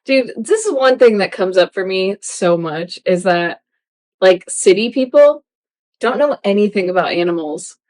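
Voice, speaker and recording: A woman's voice: medium pitch, lively intonation, moderate pace, darkish tone. Chatty female podcast co-host. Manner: chatty, uses "like" a lot. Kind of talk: casual chat.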